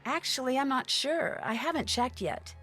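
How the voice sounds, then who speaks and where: A woman's voice: high voice, moderate pace, fairly bright tone. A young actress voicing an earnest, polite teenage girl detective in a video game, speaking in a modest, friendly way. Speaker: game character. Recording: game audio with background music.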